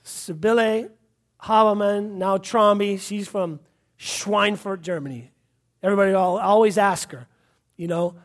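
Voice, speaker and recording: High-pitched and moderately paced, this Massachusetts man delivers a fervent sermon. He goes over his points again and again and punctuates them with cries of hallelujah.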